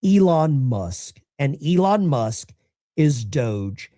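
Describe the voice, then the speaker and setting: A middle-aged man hosts a live call-in show in a casual, rambling style. His pitch rises and falls freely, and the dry, close sound carries no room echo. He never stops talking. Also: slow. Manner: animated, chatty, rambling. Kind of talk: casual livestream talk.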